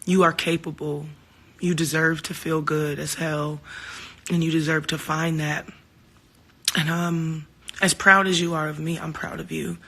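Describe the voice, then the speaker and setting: Woman, casual phone-livestream chat; bright, forward tone, heartfelt and candid, swears freely. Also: sits low, level tone, measured pace. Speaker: singer hosting a livestream.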